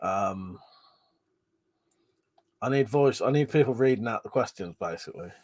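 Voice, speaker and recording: A man's voice: lowish voice, expressive, normal speed, a little mellow, husky. Chatty man, short of breath. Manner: chatty, swearing, reads chat aloud and rambles. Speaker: live stream host. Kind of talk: casual chat.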